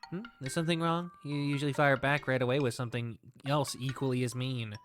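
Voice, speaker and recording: A woman voicing a teasing, sassy young male tiger student in a visual novel, quick to fire back. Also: a bass voice, steady tone, soft background music.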